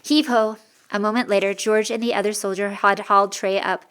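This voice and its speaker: A woman reading a first-person story as an audiobook narrator, steady and clear. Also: medium pitch, brisk.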